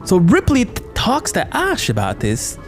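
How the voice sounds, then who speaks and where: A man's voice: high voice, wildly swooping pitch, moderate pace, soft background music. A man hosting a podcast, recapping a movie in a rambling, jokey way, often interrupting himself. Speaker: podcast host.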